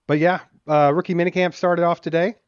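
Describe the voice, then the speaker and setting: A man's voice: a little high, vocal fry, no room sound, highs cut off. A man co-hosting a sports podcast, easygoing in casual chat and laughing often. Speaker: podcast co-host.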